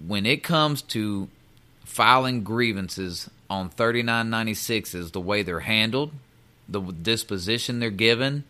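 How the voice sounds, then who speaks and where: A man's voice: on the low side, measured pace, pushed and bright. A man, a union representative, telling a workplace story in casual talk, earnest and repeating words as he goes.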